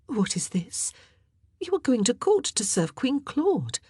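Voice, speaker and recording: A regal young queen, brisk and commanding yet kind, as a woman reader puts her on. She speaks a little above the reader's usual pitch, with a lively lilt. The voice is breathy and dry, as in a close booth. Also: dry recording, heavily acted. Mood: imperious.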